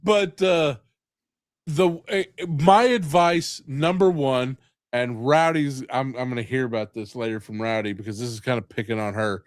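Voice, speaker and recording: A man's voice: mid-range voice, normal speed, no echo, studio quality. A man hosting a casual live-stream chat, rambling and profane and laughing often. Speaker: host.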